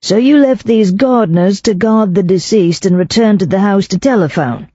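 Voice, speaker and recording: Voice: medium pitch, dark tone, dry recording, dull audio, voice pushed up, lightly acted. Narrator doing a dour, suspicious police inspector. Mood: stolid. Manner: stolid, slow, skeptical. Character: gloomy, suspicious police inspector around fifty.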